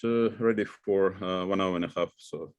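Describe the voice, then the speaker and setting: A man with a Russian accent, a student on an online call, speaking hesitantly with many pauses and fillers. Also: low-pitched, clean tone. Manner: hesitant, lots of "uh" and restarts. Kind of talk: online group lesson. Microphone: video call.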